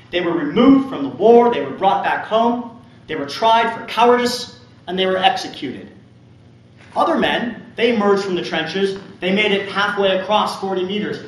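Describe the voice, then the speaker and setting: A man's voice: on the high side, a bit bright, a little hiss or hum. A male university lecturer giving a public lecture, telling history with emphatic storytelling and a pointed sense of humor. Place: large lecture hall. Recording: echoey hall from far off.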